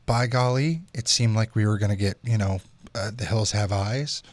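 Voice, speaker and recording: A man's voice: lowish voice, normal speed. A young man hosting a casual podcast, telling loose, profane stories. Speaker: podcast host.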